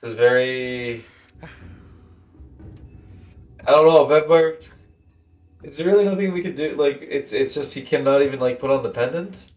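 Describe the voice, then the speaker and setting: A man taking part in a tabletop game session, his voice middle-pitched and ordinary. He speaks hesitantly, trailing off mid-thought and starting over as he works things out. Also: moderate pace, pauses often. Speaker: player. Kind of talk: casual tabletop game chat.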